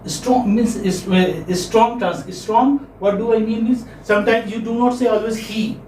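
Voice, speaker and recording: High-voiced man teaching a class. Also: steady tone, normal speed, darkish tone, slight background noise. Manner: repeats words, asks checking questions. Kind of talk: classroom lecture. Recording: echoey classroom, mic far off.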